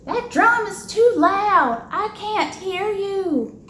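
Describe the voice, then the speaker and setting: Woman doing a frog mom, shrill, loud, oblivious, storybook voice, echoey room. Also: lively intonation, takes it slowly, exaggerated voice. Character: loud frog mother, not listening. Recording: echoey room with background noise.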